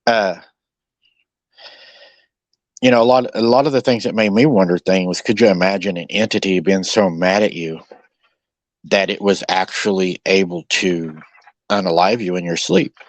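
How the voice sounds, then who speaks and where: A man hosting a podcast in casual conversation, musing out loud and acting out quoted lines as he speculates. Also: low voice, normal speed, pauses often, dry recording. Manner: speculative, acts out quoted dialogue. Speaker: podcast host.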